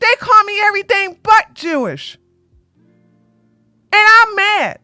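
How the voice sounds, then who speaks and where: A woman host doing live-stream commentary in an animated, sarcastic way, often breaking into laughter. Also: very high voice, slow pace, dry recording, soft background music.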